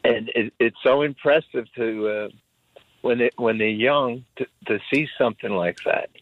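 A man calling in to a radio show, reminiscing in a halting way with many restarts. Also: medium pitch, no room sound. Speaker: caller. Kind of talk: phone-in reminiscing. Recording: tinny phone line.

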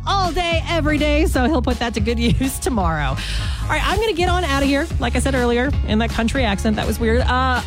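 A woman's voice: high-pitched, very animated, brisk, music in the background. A young woman hosting a morning radio show, chatty and self-mocking. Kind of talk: upbeat morning radio talk.

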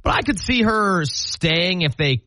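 A man's voice: high-pitched, animated, unhurried, pushed and bright, dry recording. A man co-hosting a podcast in casual chat, chatty and thinking aloud with small restarts. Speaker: podcast co-host.

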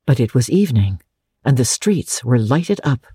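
An audiobook narrator giving a measured, expressive storybook reading in a dry studio booth. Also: mid-range voice, slightly rough, no room sound.

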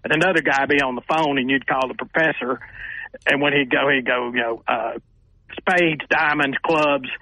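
An older man, a sportswriter telling animated stories as a radio guest and acting out what people said. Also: mid-range voice, moderate pace, no room sound, low-quality recording. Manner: animated storyteller who acts out quotes with raised voices. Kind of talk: radio interview storytelling.

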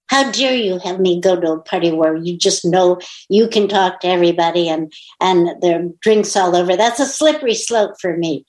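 A woman's voice: medium pitch, poor audio. A middle-aged woman, an author being interviewed, telling a personal story in casual conversation and acting out the quoted lines. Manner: animated storyteller who acts out quoted dialogue.

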